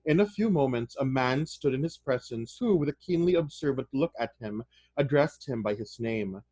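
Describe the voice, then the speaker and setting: A man reads a novel aloud in a plain, mid-pitched voice. Between passages he breaks into casual, excited commentary for his listeners. The sound is close and dry with no room echo. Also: normal speed. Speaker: reader of a novel.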